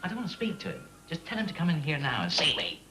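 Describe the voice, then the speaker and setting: An actor playing a harried, short-tempered council official who talks brusquely. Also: male voice, a little high, wildly swooping pitch, heavy background noise. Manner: brusque, quick.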